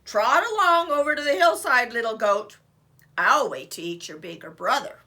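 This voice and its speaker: A woman's voice: a little high, lively intonation, moderate pace, pushed and bright. A woman voicing a mean old male troll who lives under a bridge, roaring and menacing at a storybook read-aloud.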